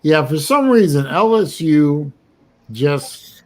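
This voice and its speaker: A man's voice: on the high side, expressive, takes it slowly, a little mellow. A male host of a live online show who talks casually, often stammers and trails off, and moves between guests. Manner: hesitant, stammering. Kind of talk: casual chat.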